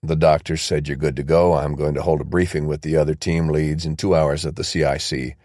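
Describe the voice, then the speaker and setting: A man's voice: extremely low pitch, little pitch movement, brisk, a little mellow, no room sound, studio quality, pitched below the performer's own voice. A man voicing a stern middle-aged male army officer who speaks in a clipped, businesslike way.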